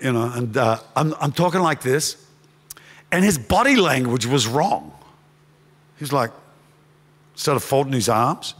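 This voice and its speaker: A middle-aged man preaching a sermon as a pastor, impassioned, swinging from shouts to hushed storytelling. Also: on the high side, big pitch swings, moderate pace. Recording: long hall reverb.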